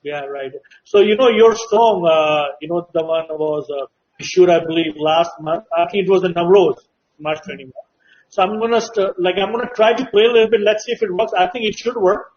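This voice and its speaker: A man's voice: high-pitched, a little fast, darkish tone. A man hosting an interview, asking questions in a rambling way full of fillers. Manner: rambling, many "like" and "you know". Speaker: talk show host. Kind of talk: casual interview chat. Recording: dull lo-fi audio.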